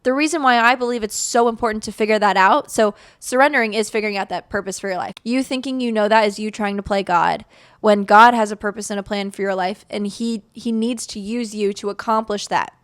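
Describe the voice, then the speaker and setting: A woman's voice: medium pitch, fairly quick, clean tone, dry recording, studio quality. A young woman hosting a podcast, talking earnestly and casually about faith, with lots of "like". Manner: earnest, conversational, heavy use of "like". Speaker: podcast host.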